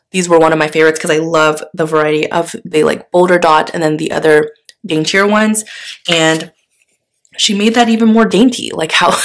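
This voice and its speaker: A woman vlogger chatting casually while showing stickers, gushing and enthusiastic, with frequent fillers and soft laughs. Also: deep voice. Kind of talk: casual chatty show-and-tell.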